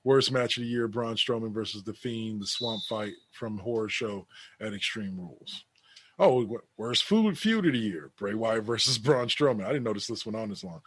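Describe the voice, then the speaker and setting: A man's voice: fairly low pitch, moderate pace, a bit bright, breathy edge. A man co-hosting a casual wrestling podcast, reading an awards list aloud with sarcastic asides. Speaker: podcast co-host.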